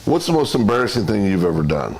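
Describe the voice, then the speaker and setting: Male co-host, low voice, very animated storyteller, laughs a lot. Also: quick pace, slight background noise, rough recording. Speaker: podcast co-host. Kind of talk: casual chat.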